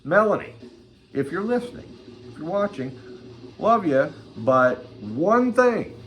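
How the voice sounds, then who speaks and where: A man's voice: high-pitched, sing-song, takes it slowly, soft background music. An older man hosting his own channel, ranting crudely and swearing constantly in a rambling vlog. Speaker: channel host. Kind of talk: rambling profane vlog rant.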